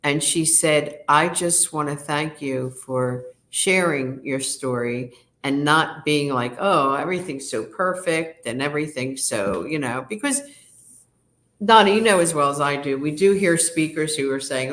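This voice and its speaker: A woman in her fifties speaks as an interview guest, sharing personal stories frankly and openly. Her voice sits on the lower side, and she talks in an animated way, with plenty of fillers. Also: unhurried. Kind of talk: candid personal storytelling.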